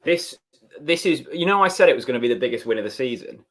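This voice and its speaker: A man's voice: medium pitch, lively intonation, quick pace. A man co-hosting a fan watchalong, trading joking banter about the match. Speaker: fan channel co-host. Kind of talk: excited watchalong commentary.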